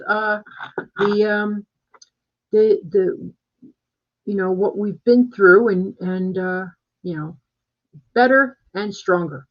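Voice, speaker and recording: A real estate agent chats casually on a live stream from home, rambling with lots of fillers and restarts. His voice sits high with vocal fry and a fairly bright tone, and the stream audio is dull and lo-fi.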